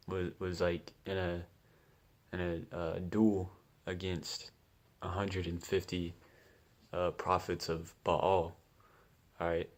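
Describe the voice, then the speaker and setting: A man giving casual commentary as he reads scripture, laid-back and chatty, often laughing and saying "man.". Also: low-pitched. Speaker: scripture teacher.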